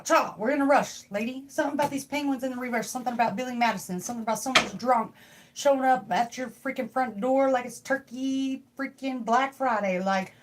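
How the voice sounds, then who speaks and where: A young woman reading tarot on a casual livestream from home. She rambles and jokes while talking to her viewers. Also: on the high side. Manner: rambling, joking, talks to chat. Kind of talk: casual live tarot stream.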